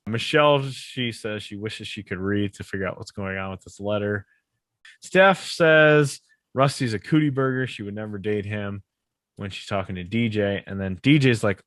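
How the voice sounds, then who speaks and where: Recapping a sitcom episode, a podcast co-host casually walks through the plot, frequently laughing and voicing the characters. He speaks at normal speed with a fairly low, somewhat bright voice, captured on a podcast microphone with no echo.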